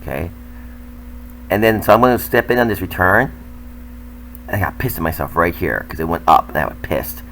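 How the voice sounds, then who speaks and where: A man's voice: low-pitched, expressive, brisk, gravelly, pauses often, fairly bright tone, a little hiss or hum, low-quality recording. An older man, a tennis coach, talking candidly and self-critically as he comments over footage of his own match.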